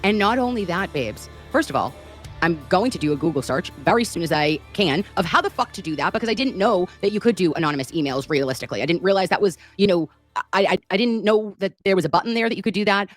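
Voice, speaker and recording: A woman's voice: on the low side, animated, fast, faint music behind. Sarcastic, mocking woman ranting. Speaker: online commentator. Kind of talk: sarcastic vlog rant.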